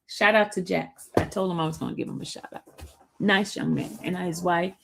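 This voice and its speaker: Lady live-streaming, chatty and animated, keeps saying y'all to her viewers. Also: fairly low pitch, moderate pace, gravelly, background noise. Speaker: show host recapping a trial. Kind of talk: casual live-stream chat.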